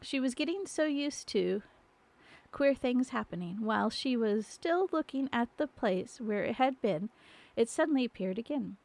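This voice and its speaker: A woman reading a storybook aloud on a live stream, unhurried, with small slips and restarts. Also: on the high side, lively intonation, creaky, darkish tone, dry recording. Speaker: storybook narrator.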